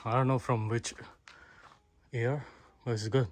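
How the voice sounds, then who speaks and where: Young man, mid-pitched, casual hiking vlogger, chatty and winded, noisy outdoor phone audio. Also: measured pace. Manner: excited, chatty, addresses viewers as guys. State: out of breath. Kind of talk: casual trekking vlog. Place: outdoors on a hilltop fort. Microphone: handheld phone.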